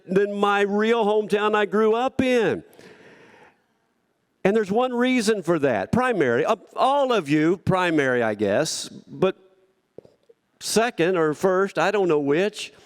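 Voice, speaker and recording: High-voiced man giving a heartfelt banquet speech. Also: expressive, measured pace, clean tone. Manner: heartfelt, rambling, with acted-out quotes. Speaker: rodeo hall of fame inductee giving a speech. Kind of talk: banquet acceptance speech with storytelling. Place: banquet hall.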